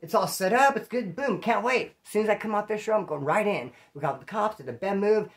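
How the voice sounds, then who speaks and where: A man from California telling his own prison stories in a casual, profane, animated way and acting out what people said. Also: sits high, fairly quick, hardly any pauses. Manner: profane, animated, acts out quoted dialogue. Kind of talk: casual storytelling.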